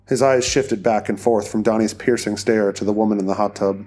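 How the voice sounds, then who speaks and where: A man's voice: lowish voice, fairly even intonation, fairly quick, few pauses, darkish tone. Man narrating an audiobook.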